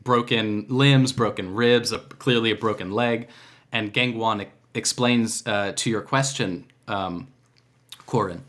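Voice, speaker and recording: A man narrating as game master in a casual, halting way, full of filler words. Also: fairly low pitch, steady tone, a bit bright, faint music behind.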